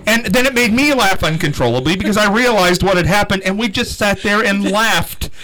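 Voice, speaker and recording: A man's voice: sits high, fairly quick, bright, forceful tone, poor audio. A middle-aged man hosting a casual chat show, teasing his guests and laughing often. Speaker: show host.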